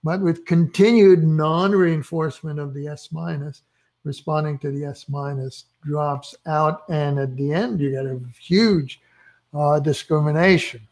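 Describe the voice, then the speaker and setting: A man's voice: on the high side, unhurried, darkish tone. A man giving a recorded lecture, talking with many fillers and restarts and an eager tone about the experiments he explains. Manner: enthusiastic about experiments, chuckles.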